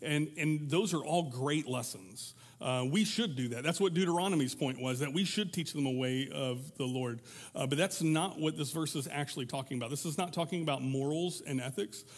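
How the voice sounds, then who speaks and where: A pastor and adult parent preaches at a church in a conversational style, his voice fairly high and a little fast. He slips into quoted voices to act out examples.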